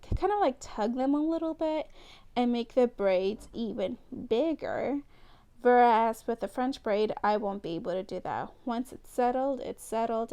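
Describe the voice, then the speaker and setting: This beauty vlogger, a young woman, talks casually through a hair tutorial, giggling and teasing herself when she messes up, in a mellow, somewhat high voice.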